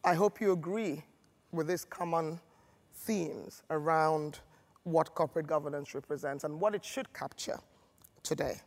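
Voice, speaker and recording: A man's voice: on the high side, a little slow, creaky. A man moderating a conference, formally reading out a speaker's credentials. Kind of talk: formal introduction. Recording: long hall reverb.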